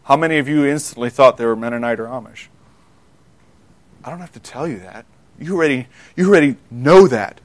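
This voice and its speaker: A man preaching a sermon, earnest, asking his listeners questions, dropping quiet for quoted words and often repeating words as he goes. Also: mid-range voice, a little fast, dry recording. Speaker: pastor.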